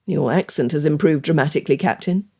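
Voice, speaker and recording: Earnest formal young gentleman, slightly lowered pitch, a woman reading him. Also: fairly quick, breathy edge.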